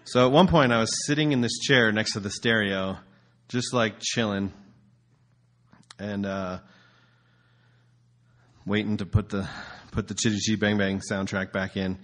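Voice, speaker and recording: A man's voice: lowish voice, fairly even intonation, unhurried, long pauses, fairly bright tone. A man preaching casually as a pastor, telling a story in a loose, conversational way with filler words.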